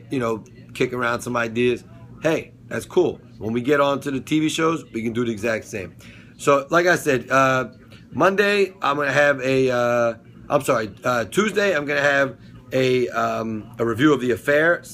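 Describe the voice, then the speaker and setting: A man's voice: medium pitch, a bit bright. A man hosting a casual solo vlog about football and TV, rambling with lots of fillers and restarts, swearing casually now and then. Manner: swears casually, laughs at his own jokes. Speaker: sports and TV review vlogger.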